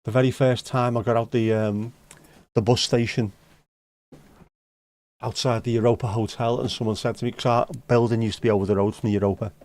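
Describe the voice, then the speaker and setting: A man's voice: medium pitch, level tone, a little fast, darkish tone, no echo. A man with a Liverpool accent hosting a livestream, chatting casually with viewers in blunt, sweary banter with dry jokes. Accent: Liverpool (Scouse). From Liverpool, England. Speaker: livestream host. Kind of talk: casual chat answering viewer comments. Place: home livestream setup.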